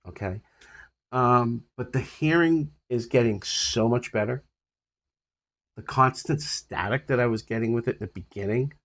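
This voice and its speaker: An older man with a husky voice casually rambling about his health on a phone recording, full of fillers and restarts. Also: medium pitch, fairly bright tone. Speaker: vlogger sharing his health journey. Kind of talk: casual personal update to camera.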